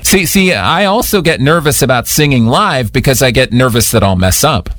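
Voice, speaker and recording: A man's voice: medium pitch, expressive, moderate pace, fairly bright tone. A man hosting a call-in radio show, chatting with a caller in a playful, self-deprecating way. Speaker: radio host.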